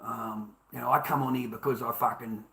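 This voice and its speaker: A man's voice: mid-range voice, steady tone, brisk, gravelly, a bit bright, a little hiss or hum. A man with an Australian accent, ranting to his viewers with heavy swearing. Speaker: vlogger. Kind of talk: angry monologue to camera.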